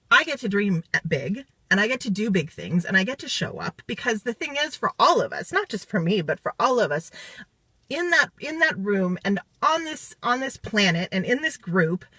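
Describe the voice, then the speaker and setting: A woman's voice: medium pitch, pushed and bright, breathy edge, no echo. A woman giving an emotional live video testimonial after a retreat, swearing freely and close to tears. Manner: swearing, intense, near tears.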